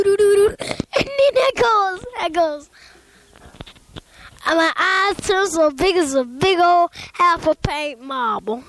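Very high-pitched child telling a spooky story. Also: female voice, fairly bright tone, a little hiss or hum. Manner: rambling, breathless, Southern-style storytelling with sound effects and laughs. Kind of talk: spooky story told aloud.

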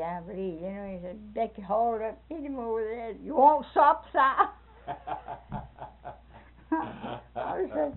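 A woman's voice: on the high side, creaky. An older woman, telling a folksy family story in a casual way and laughing as she goes. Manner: laughs through her story, folksy dialect. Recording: tinny phone-like recording.

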